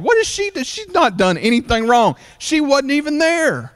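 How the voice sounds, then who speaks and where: A man preaching a sermon, retelling a story in a loose, animated way with many fillers. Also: very high voice, normal speed. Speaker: pastor.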